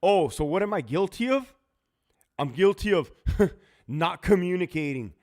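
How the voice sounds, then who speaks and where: A man with a somewhat high voice rants on a casual livestream. His talk is blunt and full of profanity, and he laughs often between lines. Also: animated, unhurried, darkish tone. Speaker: livestream host, former prison officer.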